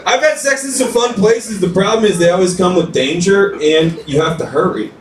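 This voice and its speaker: Stand-up man in his late twenties, slightly high voice, loose rambling delivery, recorded from a distance. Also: normal speed. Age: late 20s. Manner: loose, rambling storytelling with crowd work. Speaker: stand-up comedian. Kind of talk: stand-up comedy set. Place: basement comedy room with live audience. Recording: roomy live recording from a distance.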